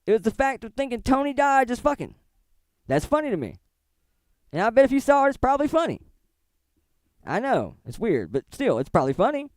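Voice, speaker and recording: A man's voice: fairly high pitch, a little mellow, no room sound, studio quality. A middle-aged man giving casual, profane commentary on online drama, rambling and laughing often as he talks. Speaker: commentary streamer.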